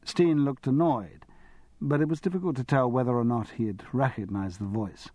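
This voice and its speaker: A man narrating an audiobook in a wry, expressive manner. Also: medium pitch, normal speed, no room sound.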